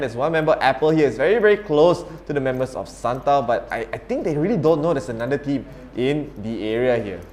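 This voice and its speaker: Steady analytical esports caster, man. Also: fairly high pitch. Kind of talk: live game commentary.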